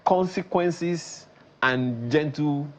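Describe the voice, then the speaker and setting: A man from Nigeria co-hosting a television talk show, asking measured questions and reading out viewer messages. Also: on the high side. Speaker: TV show co-host.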